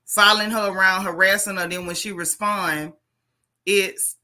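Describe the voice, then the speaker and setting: A woman's voice: mid-range voice, moderate pace, sharp tone. A woman hosting a casual gossip livestream, chatting straight to her viewers and reading posts aloud in her own voice.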